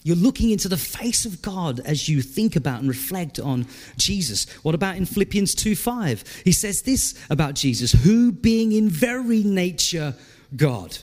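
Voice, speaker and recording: A male pastor delivers a sermon to his church in a conversational, animated way, often putting questions to the congregation. His voice sits a little high and rises and falls a great deal as he preaches. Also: moderate pace.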